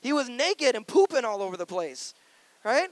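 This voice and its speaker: High-voiced playful pastor man. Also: big pitch swings, moderate pace, no echo. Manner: playful, conversational, earnest. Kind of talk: sermon.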